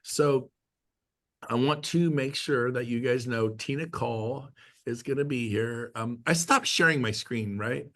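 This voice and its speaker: A man's voice: mid-range voice, unhurried, fairly bright tone. A middle-aged man talking casually to a real estate team, telling stories and joking as he acts out quotes. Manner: chatty storyteller, jokey, acts out quotes. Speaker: guest speaker at a real estate team meeting. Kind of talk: casual talk on a video call.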